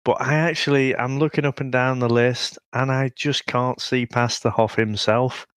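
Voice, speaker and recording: A man's voice: medium pitch, steady tone, moderate pace, fairly bright tone, clean tone, no echo, clean studio sound. A man from the UK co-hosting a podcast, telling stories casually and laughing. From United Kingdom. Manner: laughing, storytelling, restarts. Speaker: podcast co-host. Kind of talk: casual chat.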